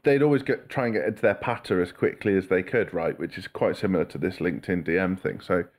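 A man's voice: deep voice, quick pace. A man co-hosting a podcast, chatting casually and telling stories with mocking voices. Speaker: podcast co-host.

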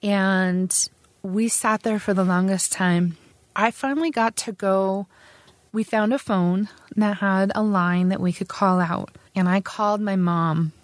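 A woman's voice: mid-range voice, fairly even intonation, a little slow, no room sound. A middle-aged woman, an army veteran, earnestly recounting her service in a conversational oral-history telling, with fillers and restarts. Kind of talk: personal oral history storytelling.

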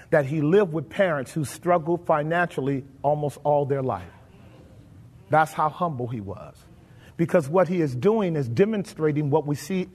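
A man's voice: high-pitched, darkish tone. A pastor preaching a sermon, asking his congregation questions and slipping into folksy, colloquial phrasing. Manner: colloquial, drops into folksy grammar. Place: church sanctuary. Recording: long reverb of a church hall.

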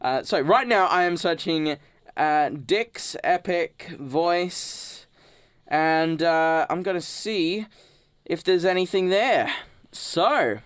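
A man's voice: a little high, a bit bright, smooth, no echo. Casting: young man, radio co-host, rambling goofy banter, dry studio sound. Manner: goofy, rambling, quick bursts of speech.

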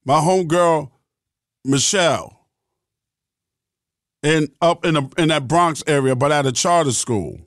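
A man's voice: a little high, a little slow, pauses often, no room sound, clean studio sound. A middle-aged man hosting a podcast, talking in a blunt, profane and emphatic monologue. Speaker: podcast host.

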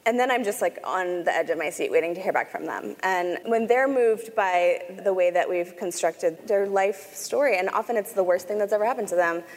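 A woman's voice: mid-range voice, fairly quick, hardly any pauses. Chatty woman in a reverberant hall. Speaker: podcast co-host. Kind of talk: casual conversation.

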